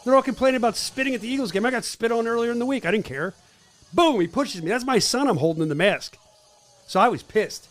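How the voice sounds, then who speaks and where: Fast-talking brash podcast host. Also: male voice, extremely high pitch, animated. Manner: brash, joking, talks over clips. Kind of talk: casual podcast chat.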